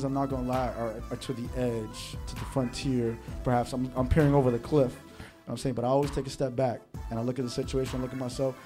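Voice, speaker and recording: A young man from the Bronx telling a story in an animated monologue, acting out what other people said to him. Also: medium pitch. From the Bronx, New York. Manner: animated, quotes others in changing voices. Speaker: monologue host.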